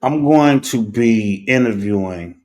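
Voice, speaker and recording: A middle-aged man hosting a talk show, telling a personal story in a deliberate way, pausing often and checking in with "right?". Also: fairly low pitch, expressive, a little mellow. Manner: deliberate, with pauses and rhetorical "right?". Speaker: host.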